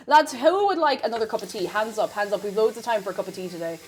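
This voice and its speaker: A woman's voice: mid-range voice, quick pace, a little mellow, soft background music. A young Irish woman hosting a baking livestream from her home kitchen, chatting and rambling through stories with frequent laughs. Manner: chatty, rambling storyteller who laughs often. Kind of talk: casual chat while baking.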